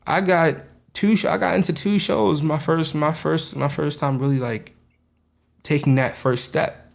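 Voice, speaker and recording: A man's voice: fairly high pitch, steady tone, measured pace, gravelly. A young man with a New York accent, a podcast co-host in casual, laughing chat among friends, swearing freely. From Jamaica, Queens, New York.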